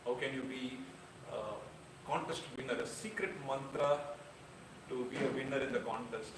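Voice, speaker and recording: A man's voice: mid-range voice, fairly even intonation, normal speed, background noise. A man giving an evaluation speech at a club meeting, earnest and frank with light self-deprecating humor. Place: air-conditioned meeting room. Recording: roomy, distant, with faint room ambience.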